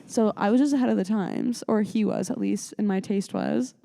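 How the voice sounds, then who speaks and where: A woman's voice: mid-range voice, normal speed, vocal fry, dark tone, long reverb tail. A young woman co-hosting a podcast, telling dating stories in chatty casual talk full of fillers. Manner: chatty storytelling, lots of fillers. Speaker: podcast co-host. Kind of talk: casual chat.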